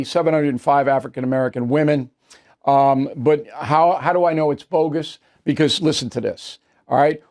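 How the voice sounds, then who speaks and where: Hosting a political commentary segment, a man delivers opinionated news commentary in a blunt, combative style, brushing off claims with curt dismissals. His voice is a little high for a man, with a darkish tone.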